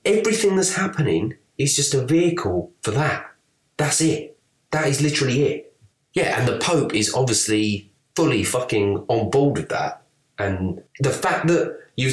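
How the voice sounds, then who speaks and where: A man co-hosting a casual podcast, talking in an animated way, swearing and laughing as he reads quotes aloud. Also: mid-range voice, roomy sound. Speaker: podcast co-host. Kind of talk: casual conspiracy podcast chat.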